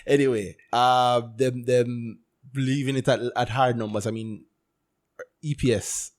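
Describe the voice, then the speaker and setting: A man co-hosting a casual podcast about stock earnings, talking in an animated, joking way. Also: medium pitch, unhurried. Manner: animated, joking, playful storytelling. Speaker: podcast co-host.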